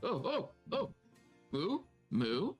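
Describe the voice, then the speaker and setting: A man's voice: sits high, huge pitch swings, very slow, husky, pitched above the performer's own voice, heavily acted. A man voicing a polite, nervous cow-folk creature who moos between his words, with tavern music playing behind. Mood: wary, polite. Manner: mooing between phrases, questioning.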